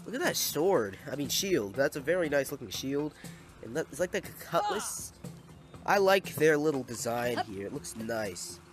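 A man's voice: fairly high pitch, big pitch swings, moderate pace, faint music behind. A young man giving casual, playful gameplay commentary, exclaiming at and scolding the little villagers in his game.

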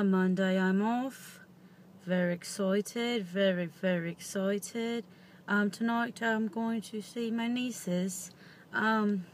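A woman's voice: mid-range voice, slight background noise. A young woman in her twenties vlogging from inside a parked car. She rambles playfully in a put-on British accent. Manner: playful, rambling, self-amused. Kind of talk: casual vlog chat. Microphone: handheld camera close up.

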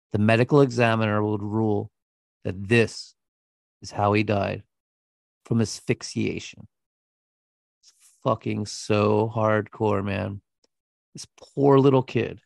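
A man's voice: fairly low pitch, vocal fry, dry recording, studio quality. A man co-hosting a podcast, telling a true-crime story in a blunt, profane, scornful way. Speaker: podcast co-host.

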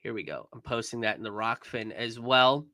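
A man's voice: medium pitch, normal speed, pushed and bright, dry recording. A young man commenting in a casual stream, angry and profane, with many fillers and restarts.

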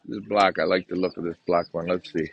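A man's voice: sits low, fairly even intonation, fairly quick, gravelly, muffled recording, slight background noise. A man from Canada giving a chatty, upbeat, gum-chewing vlog as he walks through an outdoor pigeon market, filming on a handheld phone. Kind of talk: casual walk-around vlog. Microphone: handheld phone camera.

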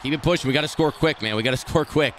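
A man streaming a football video game, talking through each play and often swearing and yelling at the game in frustration. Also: fairly high pitch, rapid-fire, slight background noise. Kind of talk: live gameplay commentary.

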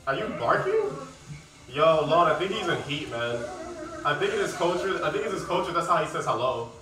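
A man's voice: a little high, lively intonation, fairly quick. Mocking, profane man streaming. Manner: mocking, profane trash talk. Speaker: game streamer. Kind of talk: casual live-stream commentary. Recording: roomy echo, distant mic, faint music.

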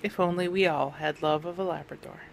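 A woman's voice: low-pitched, fairly even intonation, a little fast, slight background noise. A woman vlogging casually, talking in a candid, matter-of-fact way. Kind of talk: casual personal vlog.

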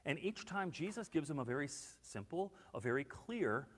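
A male pastor delivering a sermon with a fairly high voice. He moves from ringing emphasis to soft, confiding asides. The sound trails off into a long reverb, as in a church sanctuary. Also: moderate pace. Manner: expressive, swings from loud emphasis to hushed, intimate asides.

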